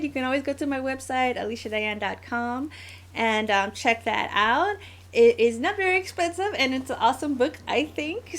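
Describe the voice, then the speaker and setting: A woman in her forties with an American accent, chatting casually on a live stream as a graphic novelist, with a scratchy throat and frequent fillers. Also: a little high. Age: 40s.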